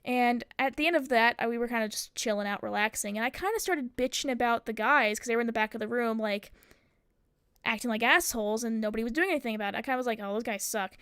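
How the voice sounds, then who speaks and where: A woman's voice: on the high side, quick pace, a bit bright, clean tone, no echo, studio quality. A young adult woman from the United States, a streamer telling a story in a casual, rambling way, swearing a lot and leaning on fillers. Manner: profane, rambling with many fillers.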